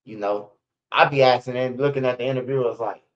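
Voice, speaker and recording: A man's voice: mid-range voice, fairly even intonation, fairly quick, dull audio. A man hosting a casual news livestream, rambling and profane with stammering restarts. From Chicago, USA. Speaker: street news livestream host.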